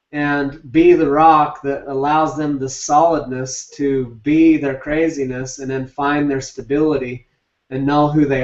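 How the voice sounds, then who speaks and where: A man's voice: medium pitch, roomy sound. A male relationship coach giving a live talk on a group call, blunt and emphatic with casual swearing. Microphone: video call. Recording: distant, dull lo-fi call audio.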